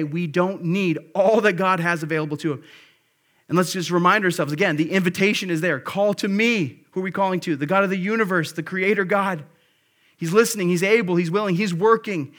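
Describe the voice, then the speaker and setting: A man's voice: fairly high pitch, fairly bright tone. Earnest male pastor preaching. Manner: earnest, exhorting, rises for emphasis. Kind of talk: sermon.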